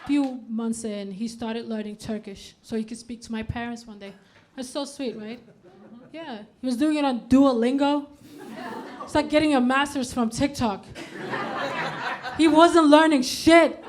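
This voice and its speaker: A woman in her thirties from Denmark performing a stand-up comedy set in a club, with deadpan punchlines and animated put-on quotes. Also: sits high, measured pace, noisy background. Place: comedy club stage before a live audience. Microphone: handheld stage microphone. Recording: live club recording, audience laughter clearly heard.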